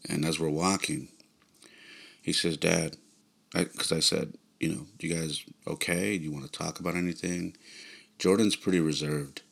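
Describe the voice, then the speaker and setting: A middle-aged man hosting a podcast, telling a personal story in a halting, reflective way with many restarts. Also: a bass voice, steady tone, creaky, slightly rough. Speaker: podcast host.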